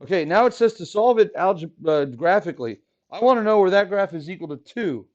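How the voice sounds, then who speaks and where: A man teaching a math class in a relaxed, joking way, often asking students questions as he works through problems. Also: sits high, a little fast. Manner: casual, jokey, asks the class questions. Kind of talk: classroom lesson. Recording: dull lo-fi classroom recording.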